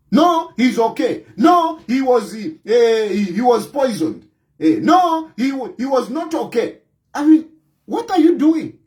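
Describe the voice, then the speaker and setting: Speaking in a very high voice with a Zambian accent, this opposition party president delivers heated political commentary, the audio quality poor. He scolds and fights, hammering his points home by repeating them.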